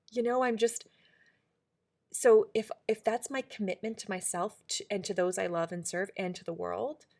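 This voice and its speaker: A middle-aged woman co-hosts a reflective podcast chat. She speaks earnestly and with emphasis, often restarting her sentences. Her voice sits at an ordinary pitch. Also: fairly even intonation, a little slow, creaky, long pauses, darkish tone. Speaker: podcast co-host.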